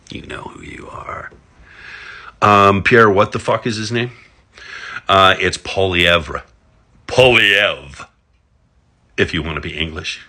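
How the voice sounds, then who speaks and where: A man's voice: pushed and bright, breathy edge. Profane sarcastic man ranting. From Alberta, Canada. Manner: sarcastic, heavy swearing, big pitch swings. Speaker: political commentator.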